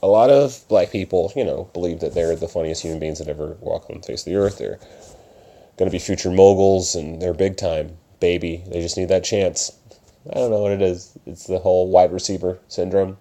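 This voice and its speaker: Low, mellow-voiced young man rambling. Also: a little fast. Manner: rambling, self-distracted, slips into mock voices. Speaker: podcast host and open mic organizer. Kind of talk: casual solo talk. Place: upstairs room in his parents' house at night.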